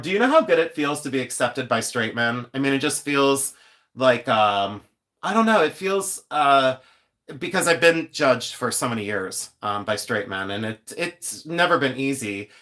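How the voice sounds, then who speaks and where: A man's voice: mid-range voice, pushed and bright. Man in his fifties hosting a live stream, with a joking, chatty storytelling manner and a mid-range voice. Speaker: host. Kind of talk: casual live-stream chat.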